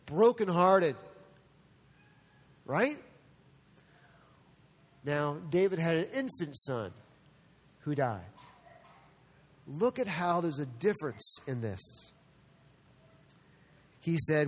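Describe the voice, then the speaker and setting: A man preaching a sermon as a pastor, earnest, moving between soft asides and animated stretches. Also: on the high side, slow, pauses often, big-room sound.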